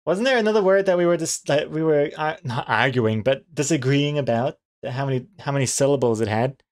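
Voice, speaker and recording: A man's voice: medium pitch, fairly quick. Musing man chatting while he draws. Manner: musing aloud, reading and answering chat; chuckles easily, playful pronunciation teasing. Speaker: comic artist streamer. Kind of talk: casual livestream chat while drawing.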